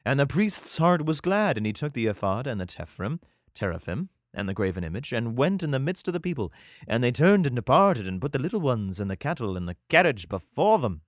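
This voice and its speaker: A man reads old scripture aloud and keeps cutting in with sarcastic, profane jokes. His voice rises and falls in a lively way, and the sound is close and dry with no room echo. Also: mid-range voice, fairly quick. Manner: irreverent, sarcastic profane asides. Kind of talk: reading scripture aloud with comedic commentary.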